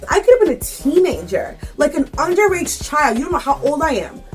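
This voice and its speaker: A young woman vlogger telling a casual story-time tale, sassy and animated, with bursts of mock outrage. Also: sits high, brisk, soft background music.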